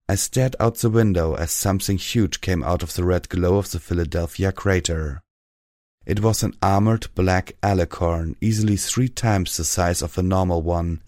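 A deep-voiced man reads a first-person story aloud with steady, dramatic storytelling. The recording is dry and close, with no room sound. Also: no echo. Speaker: audiobook narrator. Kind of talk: first-person fan fiction reading.

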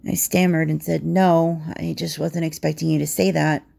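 A woman telling an intimate second-person romance story in a soft voice that slips into whispers. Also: deep voice, little pitch movement, moderate pace, creaky.

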